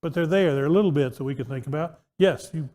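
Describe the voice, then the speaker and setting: In an echoey church auditorium, a man leads an interactive Bible class in a conversational style, putting questions to his listeners and frequently starting his sentences over. His voice is fairly high and dark in tone, and he talks fairly quickly.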